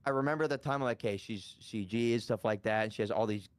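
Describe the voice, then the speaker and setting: A man's voice: fairly low pitch, fast talker, clean tone, dry recording. A man telling a story in a casual chat, rambling with many restarts and casual swearing. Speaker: guest streamer.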